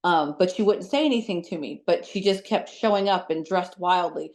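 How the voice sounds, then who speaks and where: A woman who works as a psychic medium, telling stories as an interview guest in a chatty, animated way with lots of fillers. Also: on the low side, moderate pace. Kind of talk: casual storytelling in an interview.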